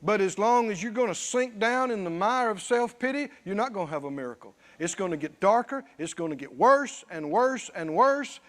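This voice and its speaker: A man preaching a sermon, emphatic, at times shouting and at times dropping low. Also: lively intonation, moderate pace, hardly any pauses. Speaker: pastor.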